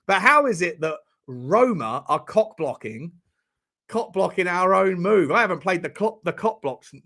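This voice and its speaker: A man's voice: high voice, lively intonation, measured pace, pushed and bright. A man hosting a fan live stream, rambling and joking with his chat. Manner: rambling, jokey, banters with chat. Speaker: fan channel host.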